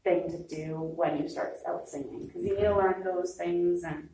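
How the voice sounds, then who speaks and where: A woman's voice: fairly low pitch, steady tone, normal speed, mellow. Brief: young adult woman, chatty vocal coach type, encouraging, off-mic in a roomy space. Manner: encouraging, chatty, many "like" fillers. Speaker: singer giving advice. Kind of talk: casual chat. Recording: echoey room, distant mic.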